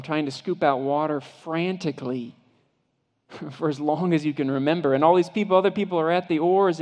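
A male pastor giving a sermon, vividly retelling a story in the second person and often dropping to a hushed voice. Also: on the high side. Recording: long hall reverb.

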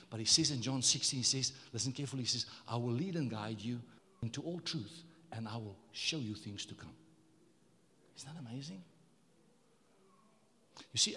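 A male pastor delivers a sermon in a reverberant church, his mid-range voice fairly bright. He preaches emphatically, repeating words and calling out to the congregation.

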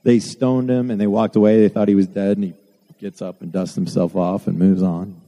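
Dark-voiced preacher in an echoing hall. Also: male voice, lowish voice, little pitch movement, fairly quick. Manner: earnest preaching with self-deprecating asides. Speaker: pastor. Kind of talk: sermon. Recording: long hall reverb.

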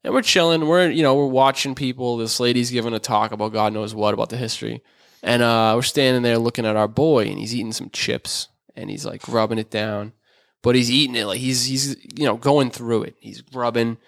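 Young man, podcast co-host, casual storytelling, animated, swears, dry sound. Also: mid-range voice, fairly quick, gravelly, dry recording. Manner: animated, swears a lot, says bro and dude.

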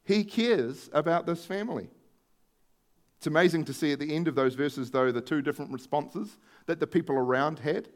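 Guy preaching a sermon, high voice, chatty storyteller vibe with punchy stresses. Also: moderate pace. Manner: conversational storytelling with emphatic stresses.

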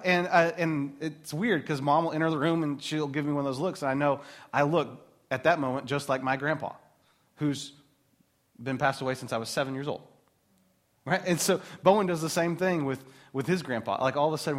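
Speaking a little high, this thirtysomething male pastor delivers his sermon animatedly and conversationally, dropping casual asides along the way.

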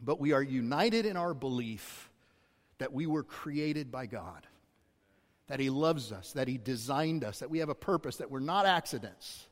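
A man's voice: medium pitch, expressive, moderate pace. A man preaching a sermon as pastor, speaking conversationally with self-deprecating asides to his congregation. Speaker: executive pastor. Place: church auditorium. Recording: long hall reverb.

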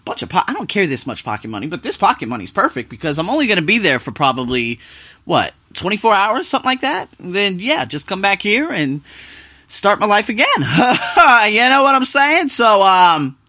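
A young man chatting casually to his viewers as a vlogger, animated and talkative, jumping between loud bursts and quiet asides. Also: high voice, quick pace, breathy edge, no room sound. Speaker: vlogger living abroad. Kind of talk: casual talk to camera.

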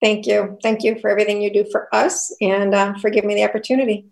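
A woman's voice: medium pitch, flat delivery, fast talker, vocal fry, darkish tone, poor audio. An older woman, a grandmother, chatting upbeat and laughing often as a foundation vice president in an interview. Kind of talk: casual interview chat.

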